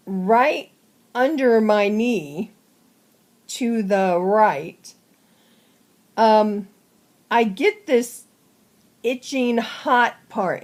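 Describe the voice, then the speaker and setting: A woman giving a casual personal update to her viewers, short of breath and halting, with many fillers. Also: a little high. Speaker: vlogger.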